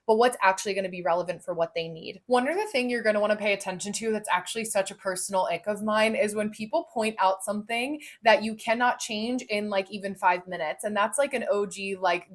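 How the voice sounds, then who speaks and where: A young woman hosting a relaxed astrology explainer. She talks in a loose, chatty way with lots of "like" and "right?", and slips into little acted voices when she quotes people. Her pitch sits in the middle of the usual range. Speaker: astrology and Human Design host. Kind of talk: casual spoken explainer.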